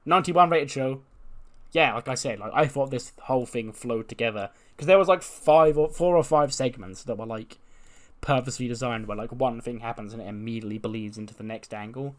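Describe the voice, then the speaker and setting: A man's voice: medium pitch, a little fast. A man casually narrating and reviewing a wrestling sim game, chatty and full of fillers. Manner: chatty, many "like" and "you know" fillers. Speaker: game commentator. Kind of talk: casual let's-play narration.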